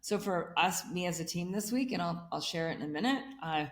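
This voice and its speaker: A woman's voice: on the low side, expressive, a little fast. A woman in a conversational interview who explains energetically and builds her points in repeated lists. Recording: echoey room.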